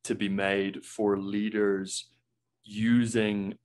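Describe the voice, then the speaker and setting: Low-voiced male interviewer, conversational. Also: drawn-out words, a little hiss or hum. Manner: relaxed, conversational, with repeated starts. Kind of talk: casual conversation.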